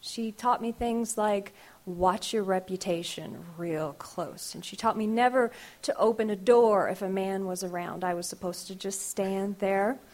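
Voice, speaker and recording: A woman poet, reading her poems aloud live in a wry, unhurried way. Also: medium pitch, flat delivery, a little mellow. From Kentucky. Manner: wry, unhurried, drawn-out vowels in the verse.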